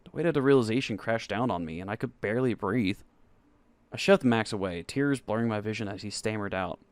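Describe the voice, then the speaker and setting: A young man narrating a first-person romance story in a soft, intimate way. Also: fairly low pitch, brisk, no echo. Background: faint background music.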